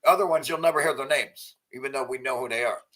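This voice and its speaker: A man giving crude, mocking reaction commentary on video clips, swearing and breaking into loud outbursts. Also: mid-range voice, fast talker.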